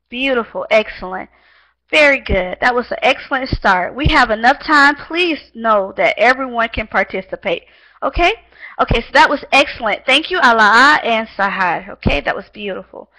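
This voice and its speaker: A woman's voice: high voice, pushed and bright, low-quality recording. A woman teaching an online English class, heaping praise on her students and calling on them by name. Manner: encouraging, lots of praise.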